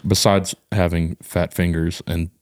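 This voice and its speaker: A man's voice: deep voice, little pitch movement, a little slow, dry recording, studio quality. A man from Texas with a Texan accent, hosting a casual podcast chat and joking around. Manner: joking, mimics voices in quotes. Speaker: podcast host.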